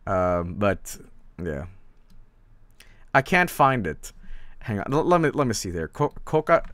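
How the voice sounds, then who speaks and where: A man's voice: fairly low pitch, big pitch swings, measured pace, a bit bright, dry recording. Rambling, stammering male streamer. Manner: rambling, stammering, laughing often. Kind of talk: casual live-stream chat.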